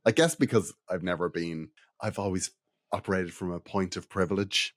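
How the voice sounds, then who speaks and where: A man's voice: sits low, moderate pace, no echo, studio quality. An Irish man co-hosting a podcast, chatting casually with wry, jokey quips. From Ireland. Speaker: podcast co-host. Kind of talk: casual chat.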